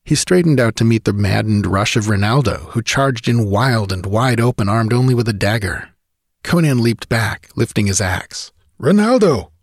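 A man's voice: fairly low pitch, moderate pace, no echo, clean studio sound. A man narrating a sword-and-sorcery audiobook with vivid, driving storytelling.

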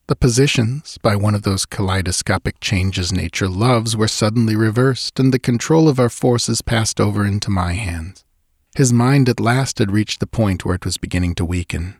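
Male audiobook narrator, low and husky, dry close sound, measured and dramatic. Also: no echo. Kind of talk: scripted narration of a ghost story.

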